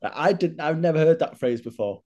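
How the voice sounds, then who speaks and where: A young man, a fitness coach co-hosting a casual chat, swearing freely as he tells an animated story. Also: on the high side, fairly quick. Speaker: fitness coach, podcast co-host.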